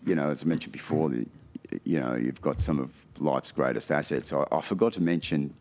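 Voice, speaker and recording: A man's voice: rumbling low, fairly quick, darkish tone. A man with an Australian accent hosting a podcast, effusive and hearty, calling his guests mate. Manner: effusive, hearty, swears casually. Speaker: podcast host. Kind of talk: warm casual podcast chat.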